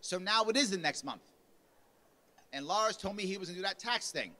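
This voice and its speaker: A man's voice: high voice, expressive, brisk, bright, forceful tone. A man giving a punchy motivational speech at a party convention, acting out quotes with a raised voice. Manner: punchy, acts out quotes with rising volume. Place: convention lunch hall.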